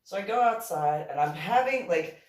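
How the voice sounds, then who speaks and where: A woman's voice: lowish voice, moderate pace. A woman telling a story from her own life in a casual monologue, turning stern and scolding when she quotes herself. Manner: animated, stern scolding when quoting herself, laughs often. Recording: roomy echo, distant from mic.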